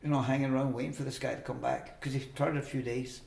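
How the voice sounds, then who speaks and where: A man's voice: medium pitch, level tone, fast, vocal fry, darkish tone, reverberant. An older man telling a long personal story in a casual interview, acting out the voices of the people he quotes. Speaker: interview guest.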